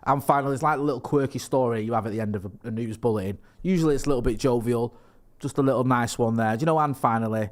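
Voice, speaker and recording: A man's voice: mid-range voice, very fast. A man co-hosting a podcast, chatting casually in a rambling, jokey way and reading news reports aloud. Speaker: podcast co-host. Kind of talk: casual chat.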